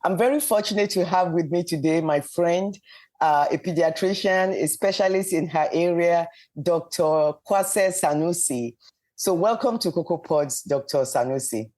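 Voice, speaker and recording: A man hosting a public education health podcast, a doctor who asks questions in a measured way with some hesitant fillers. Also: on the high side, a little mellow.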